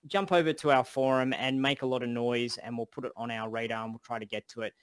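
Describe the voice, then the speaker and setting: A man's voice: mid-range voice, steady tone, fast, few pauses, fairly bright tone, clear, resonant tone, dry recording. A man with an Australian accent, co-hosting a casual livestream Q&A in a chatty, jokey, upbeat way. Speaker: co-host.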